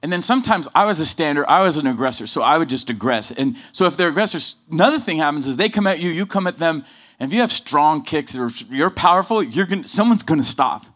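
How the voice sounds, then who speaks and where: A man preaching a sermon full of personal stories, swinging between loud emphasis and low asides. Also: animated, fast. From Southern California.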